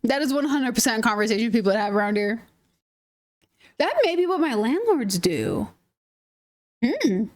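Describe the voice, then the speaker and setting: A woman's voice: a little high, very animated, moderate pace, long pauses, darkish tone. A young woman from northern Minnesota with a light Minnesotan accent, chatting casually and giggling while she streams a game. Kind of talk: casual gaming stream chat.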